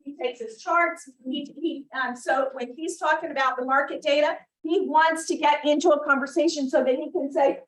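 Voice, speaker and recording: A woman with a high voice coaches her real estate team in an animated way and acts out scenes as she talks. Her voice carries through an echoey meeting room, picked up from well away from the mic. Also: normal speed, few pauses, far from the mic. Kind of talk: motivational team meeting talk.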